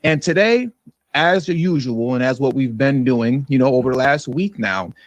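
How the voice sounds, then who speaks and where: A man's voice: medium pitch, expressive, normal speed, no room sound. A man from California hosting a livestream, giving casual political commentary with sarcastic, mocking repetition. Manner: sarcastic and mocking, repeats phrases for effect, chuckles. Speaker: livestream news commentary host. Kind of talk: casual political commentary to a live stream audience.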